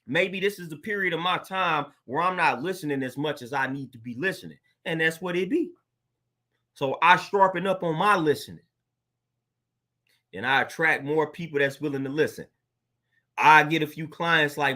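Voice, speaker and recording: High, bright-voiced man preaching casually. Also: lively intonation, moderate pace. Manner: earnest and preachy, repeats "man" and "fam". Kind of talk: casual motivational monologue.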